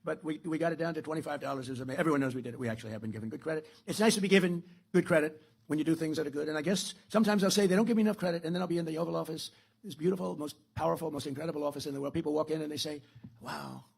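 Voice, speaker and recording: A man's voice: fairly high pitch, very fast, gravelly, husky. A man giving a public political speech in a rambling, boastful way, often repeating himself.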